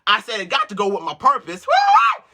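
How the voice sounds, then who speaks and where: A woman's voice: medium pitch, lively intonation, quick pace. Exuberant whooping woman preacher. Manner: exuberant, loud whooping, repeats "listen to me". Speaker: women's ministry host. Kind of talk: energetic motivational preaching.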